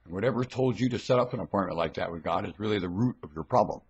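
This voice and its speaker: A man giving a rambling, scornful religious monologue into a webcam at home, dropping to low mutters and then bursting into shouts. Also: very fast, breathy edge, lo-fi sound. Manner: preachy, scornful, lectures the listener.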